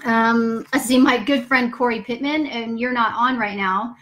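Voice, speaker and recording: A woman's voice: fairly high pitch, fairly even intonation, moderate pace, fairly bright tone, slight background noise. A woman, casually answering viewer questions on a live stream from her home office, upbeat and chatty with some swearing. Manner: upbeat, chatty, greets viewers mid-sentence; casual swearing and folksy "y'all". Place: home office with pets nearby. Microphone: computer or phone for a live stream.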